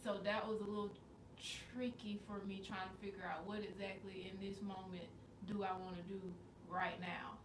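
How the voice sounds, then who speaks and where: A woman co-hosting a casual podcast, telling stories in a relaxed, rambling way. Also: mid-range voice, fairly quick. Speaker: podcast co-host. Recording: roomy, distant mic with faint noise.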